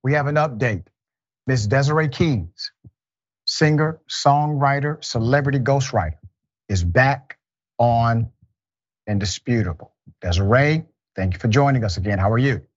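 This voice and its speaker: A man hosts a news talk show, reading comments and statements aloud and questioning a guest. His voice sits at an ordinary middle pitch. The recording is dry and close, with slightly dull sound. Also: unhurried, long pauses, dry recording. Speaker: host.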